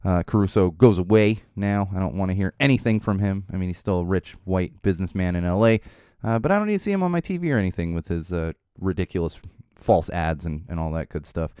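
A man's voice: low-pitched, lively intonation, fast talker, warm tone, clear, resonant tone, dry recording, studio quality. A man in his thirties from the Los Angeles area hosting a podcast, talking in a rambling, casual way with lots of fillers, laughs and the odd swear word. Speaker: podcast host. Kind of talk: casual chat. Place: studio.

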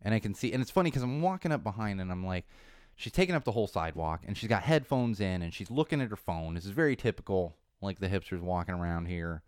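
A man's voice: low-pitched, expressive, quick pace, a little mellow, clean tone, dry recording, clean studio sound. A man hosting a podcast, rambling through a casual monologue that turns into an indignant rant. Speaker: podcast host. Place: Los Angeles.

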